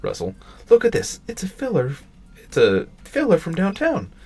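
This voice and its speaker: A man reading aloud in a high, shrill voice as a gullible, excitable schoolgirl who whines and protests. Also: normal speed, husky, heavily acted. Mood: excited.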